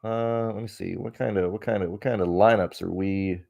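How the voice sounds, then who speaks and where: Low-voiced man venting on a stream. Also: steady tone, normal speed, creaky, darkish tone. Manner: rambling and profane, with many restarts; frustrated and venting. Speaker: host. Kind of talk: casual livestream chat.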